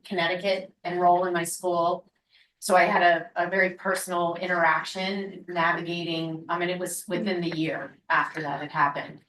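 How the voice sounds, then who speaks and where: A woman's voice: on the low side, pushed and bright. A woman on a school board, earnestly asking a rambling question. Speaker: board member. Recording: echoey room with faint noise.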